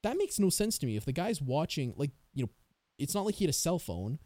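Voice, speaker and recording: A man's voice: on the high side, very animated, a little fast, dark tone, no room sound. A man hosting a casual true-crime podcast, rambling and sarcastic as he thinks aloud. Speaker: podcast host.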